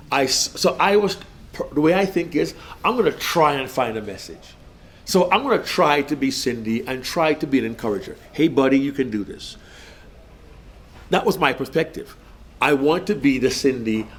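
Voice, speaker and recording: A man's voice: mid-range voice, slight background noise. A man, a public speaking coach, critiquing a speech in a casual panel talk, emphatic and repeating key phrases.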